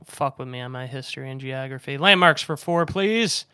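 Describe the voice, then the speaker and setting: Bright, cocky man joking around. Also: mid-range voice, normal speed, clean tone. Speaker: podcast co-host, trivia contestant. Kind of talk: casual banter.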